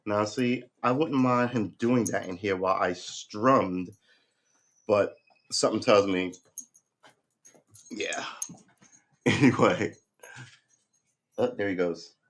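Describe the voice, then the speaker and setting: A man hosting a casual home livestream, relaxed and chatty, often coaxing his dog in a sing-song voice. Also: on the low side, takes it slowly, pauses often. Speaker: livestream host. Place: home room.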